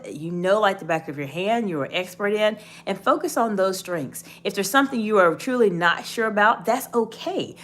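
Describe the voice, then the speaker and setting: A woman giving a live leadership-coaching talk, emphatic and animated, often acting out example phrasings. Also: mid-range voice.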